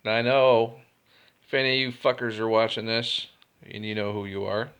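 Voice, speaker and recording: Male storyteller, gravelly, blunt and profane, casual delivery. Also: fairly low pitch, little pitch movement, moderate pace, a bit bright. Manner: blunt and profane, laughs between lines. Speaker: storyteller vlogger.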